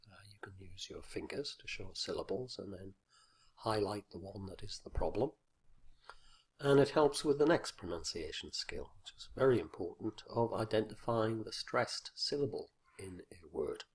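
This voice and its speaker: A man with a low, gravelly, somewhat husky voice, talking very slowly as he explains a teaching point for trainee teachers. He repeats example words with exaggerated stress and pauses on fillers between points. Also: animated. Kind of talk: instructional video lesson.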